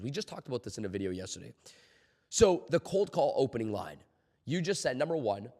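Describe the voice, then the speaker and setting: A man's voice: lowish voice, very animated, fast, a little mellow, big-room sound. A man coaching on cold calling in an emphatic motivational talk, repeating his key points and swearing casually. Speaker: sales coach.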